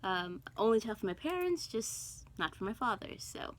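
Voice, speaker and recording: Speaking in a mid-range, sing-song voice at a moderate pace, this middle-aged cross stitch vlogger talks to camera in a chatty, rambling way, full of ums, asides, and muttering to herself. Born in Guyana, she grew up in Brooklyn, New York. The recording is low quality.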